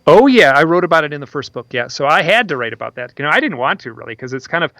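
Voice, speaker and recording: Gravelly male author telling stories. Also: on the high side, big pitch swings, racing, sharp tone, dry recording. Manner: rambling, repeats words, many restarts. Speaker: author and guest. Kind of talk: interview storytelling.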